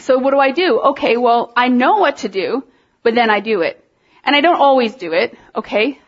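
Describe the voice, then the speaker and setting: A woman preaches in a loose, conversational way, circling back on her words and pressing her points with animated emphasis. Her voice sits a little high. The recording sounds dull and lo-fi. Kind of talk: informal sermon.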